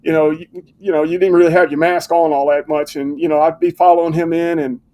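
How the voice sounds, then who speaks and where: High-voiced older man telling fire stories. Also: quick pace. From United States. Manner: animated storyteller who acts out quoted dialogue. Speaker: retired fire captain, guest. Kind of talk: casual storytelling interview.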